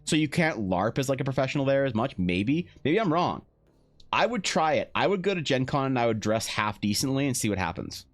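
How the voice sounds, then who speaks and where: A man's voice: mid-range voice, sing-song, fairly quick, faint music behind. Rambling young man telling a story. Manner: rambling storyteller, swears, acts out dialogue. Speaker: streaming artist. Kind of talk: casual chat on a live art stream.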